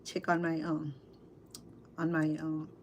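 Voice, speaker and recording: Chatty Cambodian woman with halting speech. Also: sits low, completely flat delivery, a little hiss or hum. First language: Khmer. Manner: chatty, halting, with frequent fillers and restarts. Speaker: cooking vlogger and interpreter. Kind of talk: casual livestream chat while eating. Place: at home at a dinner table.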